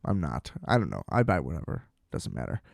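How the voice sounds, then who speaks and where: A man's voice: extremely low pitch, huge pitch swings, fairly quick, creaky, no echo, clean studio sound. A man hosting a podcast alone, ranting in an exasperated, profane way and acting out sarcastic back-and-forths. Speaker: podcast host. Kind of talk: solo ranting monologue.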